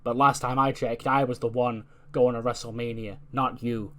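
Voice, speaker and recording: A man's voice: medium pitch, flat delivery, moderate pace, fairly bright tone, lightly acted. A man voicing a proud male wrestler who answers back with indignant retorts.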